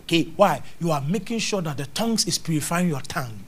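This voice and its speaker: A man preaching a charismatic sermon, animated, acting out little scenes with mimicked voices and sounds. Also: a little high, fast talker, a little hiss or hum. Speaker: prophet preaching.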